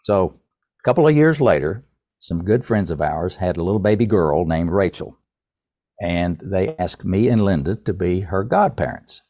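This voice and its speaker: An older man, a podcast guest, telling a personal story in a folksy, unhurried way and addressing the host by name. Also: low voice, animated, mellow, no room sound. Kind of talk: casual storytelling.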